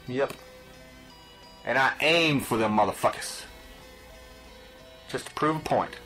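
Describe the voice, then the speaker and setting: A man's voice: mid-range voice, slow pace, long pauses, sharp tone, faint music behind. A man hosting a podcast, telling stories in a blunt, profane, exasperated rant. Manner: blunt, swearing, exasperated storytelling. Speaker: podcast host.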